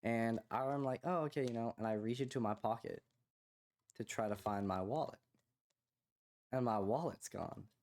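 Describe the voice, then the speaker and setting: Young man, podcast co-host, casual rambling story, lots of fillers, mid-pitched voice. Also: normal speed, pauses often. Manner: rambling, filler-heavy, animated when quoting others.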